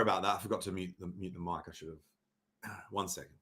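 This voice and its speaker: A young adult man hosting a casual livestream, sarcastic and mock-dramatic, swearing freely and often clearing his throat. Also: low-pitched, steady tone, fairly quick, bright, forceful tone. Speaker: livestream host reviewing crypto charts. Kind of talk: casual livestream chart talk.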